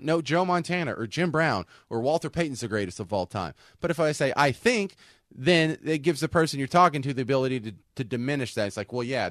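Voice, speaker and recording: A man's voice: medium pitch, no room sound, studio quality. A man co-hosting a casual talk show, rambling and often restarting his sentences. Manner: rambling, self-interrupting with restarts. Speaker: co-host.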